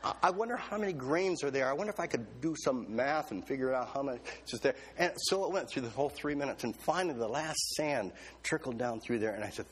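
A male pastor preaching a sermon, telling a story with humor and lively, excited quotes of himself. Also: medium pitch, a little fast, a little hiss or hum.

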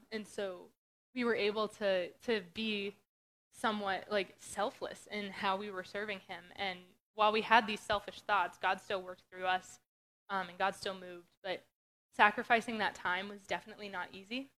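Young woman from Western Pennsylvania, casual testimony talk, earnest and chatty, mid-pitched. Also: steady tone, moderate pace, a bit bright. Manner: earnest, conversational, many fillers. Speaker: speaker sharing testimony.

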